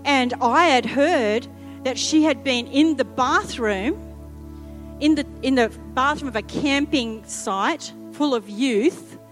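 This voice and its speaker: A middle-aged woman preaches in a high voice, telling a lively, funny story and acting out each quote. Faint music plays underneath her. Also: slow. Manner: lively, humorous, acts out quotes. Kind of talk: sermon storytelling.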